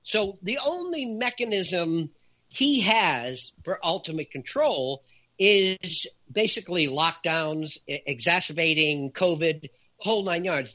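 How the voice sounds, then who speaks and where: A man's voice: high voice, bright, forceful tone, lo-fi sound. A man giving emphatic talk-show commentary as a guest, raising his voice to stress his points and counting them off in punchy lists. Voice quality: raises voice for emphasis.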